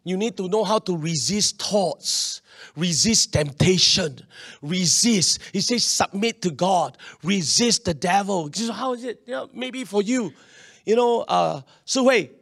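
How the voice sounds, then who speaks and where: High-voiced pastor preaching. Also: male voice. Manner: animated, acts out quoted voices, swings between loud and quiet. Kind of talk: sermon.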